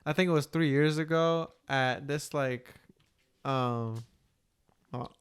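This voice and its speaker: A man's voice: fairly high pitch, slow, clear, resonant tone. A young man in his twenties co-hosting a podcast, telling a joking, slangy story in casual chat. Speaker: podcast co-host.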